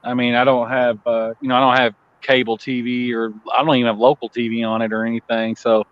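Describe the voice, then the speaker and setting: A man's voice: mid-range voice, level tone, fast talker. A man co-hosting a livestream coin auction, chatting casually, laughing often and greeting viewers in the chat. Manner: laid-back, laughs often, chats with viewers. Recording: slightly dull lo-fi stream audio.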